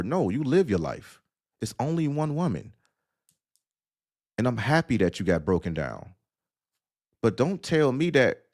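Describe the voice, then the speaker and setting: A man's voice: medium pitch, sing-song, a little slow, long pauses, darkish tone. A man hosting an audio-only live stream, ranting sarcastically and lecturing the listener bluntly. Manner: blunt, addresses listener directly. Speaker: host. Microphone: audio-only stream mic.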